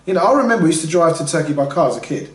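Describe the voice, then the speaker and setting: A man co-hosting a casual podcast conversation, animated and full of restarts, slipping into quoted voices. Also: fairly high pitch, rapid-fire. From Britain. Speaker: podcast co-host. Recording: roomy, somewhat distant mic.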